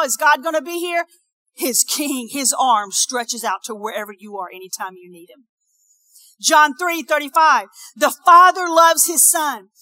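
A woman preaching a sermon, swinging between shouted declarations and soft conversational asides. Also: high voice, no room sound. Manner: acts out quoted voices with laughs.

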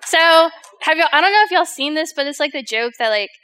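A woman's voice: high voice, lively intonation, fairly quick, noisy background. A young woman giving a casual, chatty sermon to a youth group, full of fillers and jokes aimed at her listeners.

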